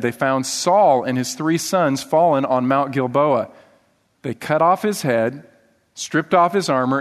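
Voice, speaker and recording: A male pastor giving an animated sermon, reading scripture aloud and asking the congregation rhetorical questions. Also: a little high. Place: church hall. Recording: long reverb of a church hall.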